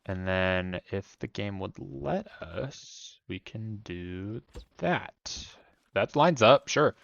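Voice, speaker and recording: A man's voice: lowish voice, expressive, slow pace, creaky, fairly bright tone, dry recording, lo-fi sound. A young man streaming a building game, rambling through casual commentary with jokey self-mocking asides.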